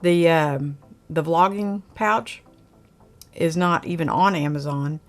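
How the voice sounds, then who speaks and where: A woman's voice: deep voice, slow. A woman from Oklahoma with a light Oklahoma twang, hosting her channel in a rambling, chatty live talk and answering viewer comments. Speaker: channel host reviewing camera gear. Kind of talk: casual live chat.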